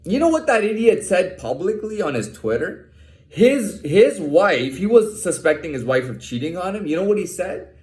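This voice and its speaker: A man's voice: sits high, very animated, moderate pace, a little mellow, reverberant. A man ranting in an agitated monologue, swearing a lot and restarting his sentences. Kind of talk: profane monologue to camera.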